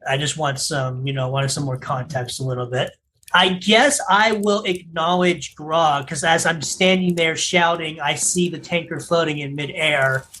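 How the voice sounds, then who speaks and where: A man with a somewhat high voice, playing a tabletop game with friends. He talks casually, with restarts and hesitations, and often stops to ask questions. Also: unhurried, bright, forceful tone, a little hiss or hum, rough recording. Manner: hesitant, asks questions to clarify. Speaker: player.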